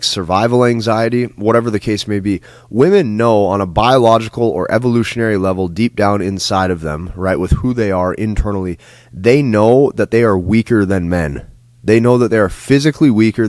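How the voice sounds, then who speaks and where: A man's voice: on the low side, dry recording, clean studio sound. A man giving a lecture-style dating advice monologue, talking emphatically and repeating himself, often tagging lines with "like" and "right?". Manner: emphatic, repetitive, frequent "like" and "right?". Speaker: dating coach.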